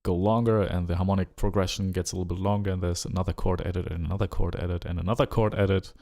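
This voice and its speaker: Low, gravelly man with German accent. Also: fast. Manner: musing and relaxed, hums rhythms aloud, trails off. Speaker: music producer streaming live. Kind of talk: casual live-stream chat while working.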